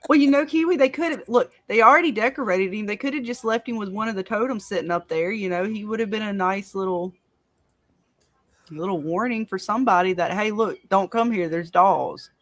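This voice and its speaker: Profane, animated woman on a fan panel. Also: mid-range voice, fairly quick, no room sound. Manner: profane, animated, acts out quotes from the show. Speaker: podcast panelist. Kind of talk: casual fan-show discussion.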